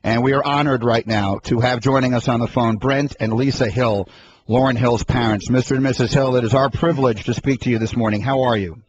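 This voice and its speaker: A man's voice: mid-range voice, steady tone. Earnest male sports radio host. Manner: earnest, measured introductions. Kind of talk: sports talk radio hosting. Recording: dull radio broadcast with clear hiss.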